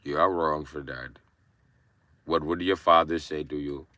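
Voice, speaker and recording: A man hosting a casual livestream, brash and profane as he roasts his chat, with sudden bursts of yelling. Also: rumbling low, fairly even intonation, unhurried, no room sound. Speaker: livestream host.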